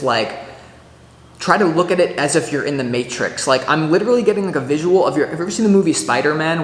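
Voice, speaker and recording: Chatty male tarot reader, echoey room. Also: fairly high pitch. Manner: chatty and animated, full of "like" and restarts, acts out little scenes. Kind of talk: casual weekly tarot reading to camera. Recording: echoey room with long reverb.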